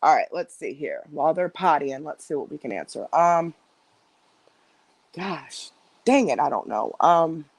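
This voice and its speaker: A woman's voice: low voice, big pitch swings, unhurried, husky, no room sound. A woman hosting a casual live stream from home on her phone, rambling and chatting directly with her viewers. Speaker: livestream host.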